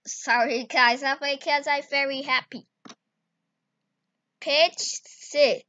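A woman talking through a video editing tutorial in broken English, bursting into excited exclamations. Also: high voice, slow, pauses often. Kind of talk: casual screen-recorded tutorial. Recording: dull lo-fi recording.

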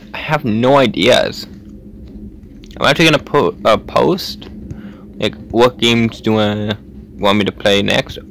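A man talks his way through a video game in casual, self-directed commentary, speaking to his viewers now and then and chuckling between attempts. His voice is gravelly with a touch of vocal fry, and he takes his time with the words. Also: fairly low pitch, a bit bright, slight background noise. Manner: talks to himself while playing, chatty, quick little laughs. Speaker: gaming channel host.

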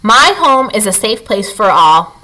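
A woman voicing a calm, kind female robot in a storybook reading, speaking slowly and gently. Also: mid-range voice, poor audio.

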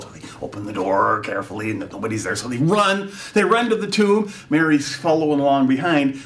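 A man leading a preschool chapel, telling a story in an animated, playful way that sometimes drops to a whisper. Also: mid-range voice, moderate pace, few pauses, recorded from a distance. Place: church.

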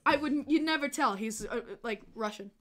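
A woman hosting a casual livestream, excitable and chatty, laughing often and swearing casually. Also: high-pitched, normal speed. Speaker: livestream host.

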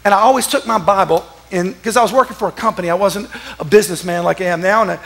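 A man, a pastor telling stories in a sermon, animated and laughing, sometimes breaking into shouts. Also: sits high, fast talker, vocal fry. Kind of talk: sermon storytelling. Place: church.

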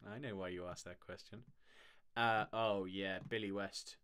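A man's voice: sits low, fairly even intonation, measured pace, a bit bright, smooth. A man who works as a voice actor, chatting casually on a live stream, rambling and laughing often.

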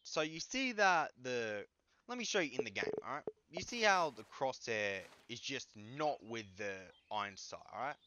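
Halting young man with a bright voice. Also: medium pitch, animated. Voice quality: stutters often. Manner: halting, filler-heavy, trails off with "but yeah". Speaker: gaming YouTuber. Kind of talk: casual game suggestion commentary.

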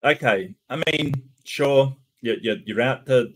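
A man's voice: mid-range voice, unhurried, fairly bright tone, a little hiss or hum. A man hosting a channel, giving casual reaction commentary in a hesitant way, with lots of stammered restarts and ums. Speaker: channel host reacting to cartoon clips.

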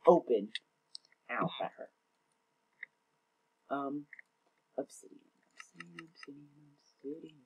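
A young gaming channel host gives casual commentary as he plays, his voice breathy, slightly husky and a little mellow, at an ordinary middle pitch. He rambles and mocks himself, often tongue-tied, stumbling and restarting as he goes.

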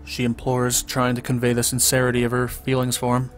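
A man reading a visual novel's text aloud in a flat, even way, with casual asides and small stumbles. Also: medium pitch, fairly quick. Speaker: let's play commentator. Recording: faint music underneath.

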